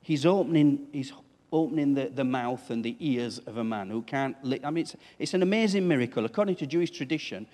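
A man's voice: medium pitch, expressive, brisk, a little mellow, in a large hall. A man preaching a sermon as pastor, talking conversationally and putting questions to the congregation. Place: church.

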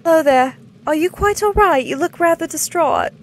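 A woman's voice: very high voice, lively intonation, moderate pace. A woman voicing a prim, overly polite stranger who talks with formal, genteel phrasing. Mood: solicitous.

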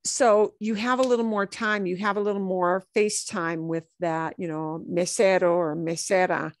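A woman's voice: on the low side, fairly even intonation, normal speed, no room sound, clean studio sound. A middle-aged woman teaching a Spanish class over a video call, chatty, slipping Spanish phrases into her English explanations. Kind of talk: online class lesson.

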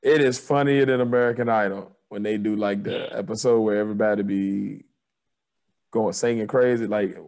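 A man's voice: fairly low pitch, fairly even intonation, normal speed, gravelly, darkish tone. A man co-hosting a podcast, chatting casually in loose slang and laughing often. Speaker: podcast co-host.

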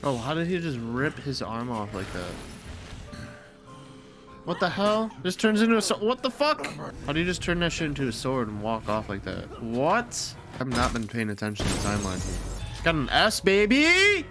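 A man giving casual, excitable gameplay commentary with plenty of cursing and trash talk, his nose stuffy. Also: medium pitch, normal speed. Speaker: gaming video creator. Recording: game music behind.

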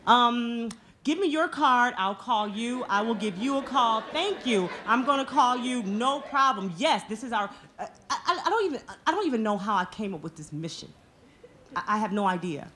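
A woman's voice: on the high side, expressive, normal speed, sharp tone. A woman in her forties telling a personal story on stage at a live storytelling event, earnest and emotional. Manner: earnest, emotional, speaks from the heart.

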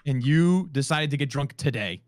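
A man's voice: mid-range voice, expressive, normal speed, no echo. A man in comedic in-character game role-play, teasing and mock-serious with a dramatic manner. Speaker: game streamer.

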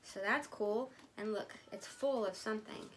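A woman vlogger chatting casually to her viewers as she unboxes items, gushing and excitable. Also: medium pitch, moderate pace, a little hiss or hum.

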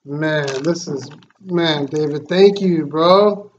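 Casual vlog host, male, slow, excitable and grateful; dull lo-fi recording. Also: on the high side. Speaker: fishing channel host. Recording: slightly dull lo-fi sound, faint noise.

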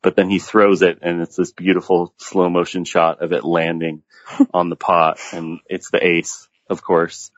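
Brief: low, dry-sounding man, animated movie recapper, dull lo-fi audio. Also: a little slow, no room sound. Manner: animated, retells scenes at length. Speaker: podcast guest. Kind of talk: casual movie discussion.

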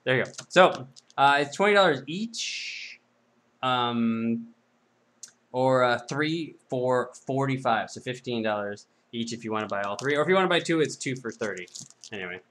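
Male host, casual sales patter, mid-pitched voice, drifts into goofy self-deprecating asides. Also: lively intonation, normal speed, fairly bright tone, a little hiss or hum. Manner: rambling, self-mocking jokes. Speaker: host of a card-break sales video.

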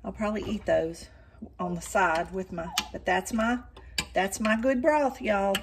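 A little slow and mid-range, an older woman's Southern country voice carries over some background noise. She's a cooking vlogger chatting casually to the camera while cooking in her home kitchen, often using "y'all."

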